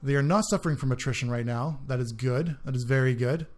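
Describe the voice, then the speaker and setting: A man's voice: medium pitch, fast, a little mellow. Man thinking aloud over strategy gameplay. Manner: thinking aloud, hesitant, trails off mid-sentence. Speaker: gaming channel host. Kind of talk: casual strategy game let's play commentary.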